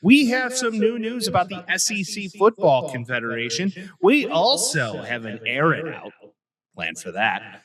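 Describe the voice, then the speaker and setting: A man's voice: on the high side, big pitch swings, a little slow, fairly bright tone, no room sound. A young man co-hosting a podcast, chatting casually about sports with teasing, joking banter. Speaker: podcast co-host.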